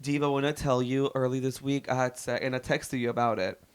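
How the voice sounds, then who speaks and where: A man co-hosting a podcast, telling stories and shouting out listeners in gossipy, animated casual chat. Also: medium pitch, fairly quick, smooth, dry recording. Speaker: podcast co-host.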